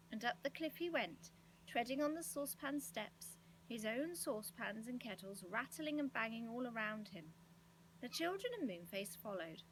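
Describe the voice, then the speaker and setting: Lady reading a kids' story out loud, lively and sing-song, a faint hum behind. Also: on the high side, poor audio. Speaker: storybook reader. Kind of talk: children's story read-aloud.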